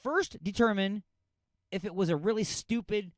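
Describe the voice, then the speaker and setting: A man's voice: sits high, normal speed, no echo. A man hosting a radio talk show, ranting sarcastically and scolding with exasperation about a news story.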